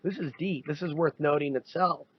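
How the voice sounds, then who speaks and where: A podcast co-host chats casually and animatedly, slipping into mocking quoted voices. His voice is slightly high, brisk and husky, with no room sound, and the audio is dull, dry and lo-fi.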